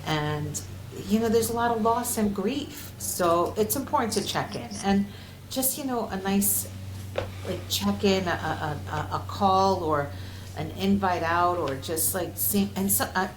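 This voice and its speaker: A woman's voice: mid-range voice, unhurried, slight background noise. A woman in her forties, a clinical social worker as an interview guest, talking earnestly and from the heart, with frequent fillers and restarts. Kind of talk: conversational interview. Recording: roomy echo.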